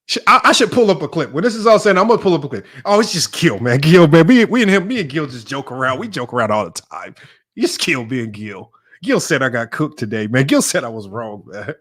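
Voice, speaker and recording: A man's voice: fairly high pitch, very animated, fairly quick, fairly bright tone. A young man hosting a sports debate livestream, riffing casually and joking as he talks straight at his viewers. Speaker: sports show host.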